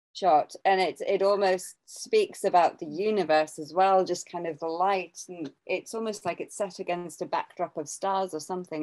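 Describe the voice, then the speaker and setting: English woman chatting on an art podcast, low-ish voice, keeps restarting her sentences. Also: a little mellow, rough recording. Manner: rambling, many restarts and fillers, laughs at herself. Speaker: podcast co-host and artist. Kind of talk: casual chat.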